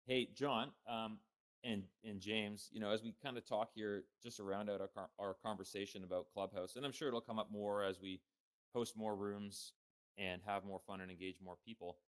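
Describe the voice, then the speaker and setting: A man hosting a casual podcast interview, asking loose, relaxed questions with plenty of fillers. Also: lowish voice, moderate pace, smooth. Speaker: podcast host.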